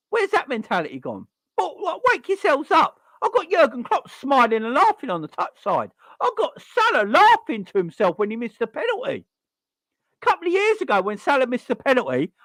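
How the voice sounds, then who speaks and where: Fan-channel host, male, exasperated rant, very lively pitch swings, dry close sound. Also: no room sound. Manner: exasperated, repeats rhetorical questions.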